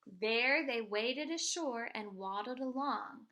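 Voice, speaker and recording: Woman teacher, children's picture-book read-aloud, expressive delivery, sharp bright tone, voice a touch high. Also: a little slow. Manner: expressive, pointing out pictures to listeners.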